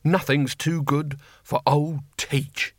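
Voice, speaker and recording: A man's voice: on the high side, flat delivery, slow pace, no echo, clean studio sound. A man voicing an old barbarian leader who is blunt and defiant. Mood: gruff.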